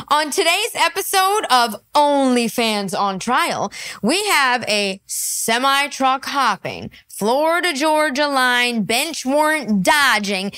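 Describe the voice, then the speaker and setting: A woman doing comedic reaction commentary on a clip, loud and mocking, laughing often and slipping into put-on voices. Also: high voice, smooth.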